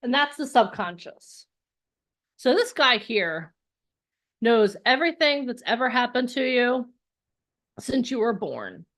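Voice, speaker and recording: Animated woman coaching a live workshop. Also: unhurried, long pauses. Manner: energetic, acts out inner voices with big pitch jumps. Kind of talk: motivational workshop talk. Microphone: online call.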